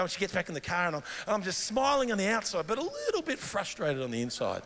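A middle-aged Australian man preaching a sermon in a church, telling animated personal stories. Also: sits high, quick pace, hardly any pauses. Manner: animated storytelling, mimics his wife in quoted dialogue. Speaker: guest pastor. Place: large church hall. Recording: long hall reverb.

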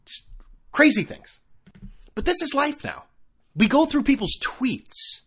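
A man's voice: extremely high pitch, big pitch swings, a little slow, fairly bright tone, a little hiss or hum. A man hosting a sports talk show, ranting sarcastically in a casual monologue full of asides. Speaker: sports podcast host.

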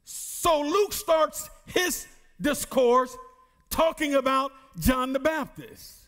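A middle-aged male pastor preaching a sermon, reading scripture slowly and calling out questions to the congregation. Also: extremely high pitch, a bit bright. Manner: reads scripture slowly with emphasis.

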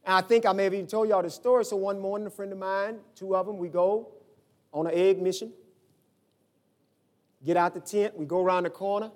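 A man preaching a sermon as pastor, telling stories and acting out the voices in them, swinging from shouts to low asides. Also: fairly even intonation, fairly quick, long pauses.

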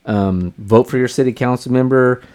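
A man co-hosting a casual podcast, talking in a calm, reflective way and thinking aloud. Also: medium pitch, normal speed. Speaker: podcast co-host.

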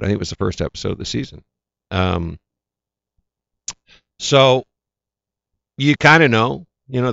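A man's voice: fairly low pitch, vocal fry, dry recording, highs cut off. A man, an actor, telling stories from his career in a casual interview, acting out the voices of the people he quotes. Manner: animated anecdotes, acts out quoted voices. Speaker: actor, guest.

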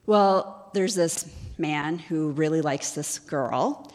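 A woman's voice: low-pitched, slow, darkish tone, long reverb tail. A woman giving a sermon-style teaching in a conversational, storytelling way, often asking her listeners questions. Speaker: ministry executive director teaching.

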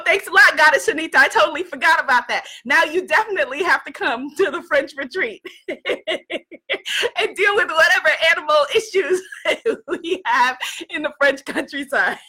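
A woman from New York giving a casual motivational talk to a live audience, animated and laughing often, greeting viewers by name. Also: high-pitched. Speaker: livestream host.

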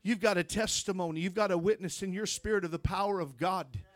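A male preacher tells his testimony with fervent, building energy. His voice sits high for a man. The sound is dry and close, with no room echo. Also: a little fast. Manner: fervent storytelling, rising to shouts. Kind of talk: sermon testimony.

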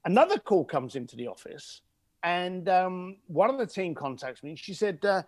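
A man as an interview guest, telling an anecdote in a lively conversational way and acting out the voices of the people in it. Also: high-pitched, moderate pace, no room sound. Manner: animated, acts out the voices in his anecdotes. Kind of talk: conversational storytelling.

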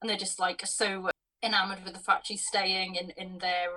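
Blunt woman, bright, off-mic. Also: medium pitch, level tone, moderate pace, recorded from a distance, rough recording. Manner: blunt, dismissive critique. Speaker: podcast co-host. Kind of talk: casual film review chat.

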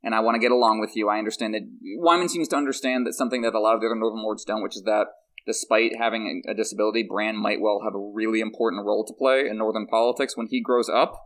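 A man co-hosting a podcast, talking through a book chapter in casual, animated analysis with frequent restarts. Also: lowish voice, quick pace. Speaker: podcast co-host.

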